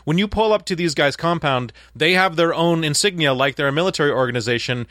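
A man with a slightly high voice talks through a movie in casual chat, often pausing and stumbling as he hunts for the right words. The sound is dry and close-miked. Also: a bit bright, no room sound. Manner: halting, searching for words. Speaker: podcast co-host.

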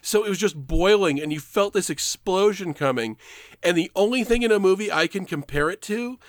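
A man's voice: sits high, lively intonation, moderate pace, no echo, clean studio sound. Rambling, foul-mouthed man telling a story. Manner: rambling, swears freely, laughs mid-story. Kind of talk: casual storytelling chat.

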